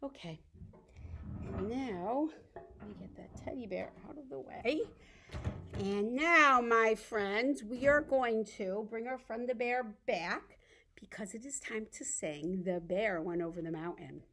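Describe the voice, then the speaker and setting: A woman leading a baby story time as a children's librarian, speaking in a gentle, coaxing way meant for little children. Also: fairly high pitch, measured pace.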